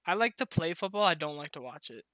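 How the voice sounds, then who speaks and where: A man's voice: on the high side, expressive, fast, sharp tone, no room sound. A young man chatting casually on a podcast, laughing often and swearing freely as he rambles.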